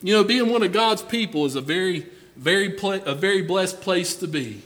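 High-voiced folksy preacher in a hall. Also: male voice, lively intonation, normal speed, a bit bright. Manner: folksy, addresses congregation members by name. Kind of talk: sermon.

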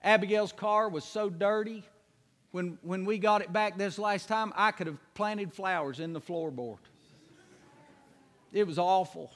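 A man's voice: high voice, unhurried, fairly bright tone, in a large hall. A man preaching a sermon, telling folksy stories and then building to fervent preaching. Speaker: pastor.

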